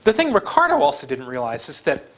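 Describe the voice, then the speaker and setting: Lively conversational male university lecturer. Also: a little high, a little fast, a little hiss or hum. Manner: conversational, many fillers and restarts, animated emphasis. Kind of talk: classroom lecture.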